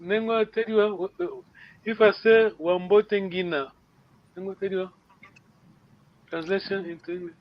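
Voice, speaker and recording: A man teaching a language class online, patient, often checking understanding with a quick question. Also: sits high, fairly even intonation, muffled recording, slight background noise.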